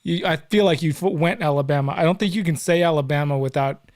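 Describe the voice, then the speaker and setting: A man's voice: fairly high pitch, fast, a little mellow, no echo, studio quality. A man hosting a casual livestream interview, playful and teasing, who laughs often. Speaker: host.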